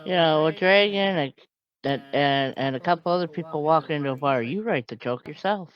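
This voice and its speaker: A woman's voice: low voice, moderate pace, clean tone, no room sound, highs cut off. A woman playing a tabletop game, sassy and playful when speaking in character. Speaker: player. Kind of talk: tabletop role-play.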